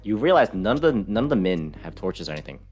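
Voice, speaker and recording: A young man with a very deep voice narrates as game master. He talks in a relaxed, halting way, full of fillers. Faint music plays behind him.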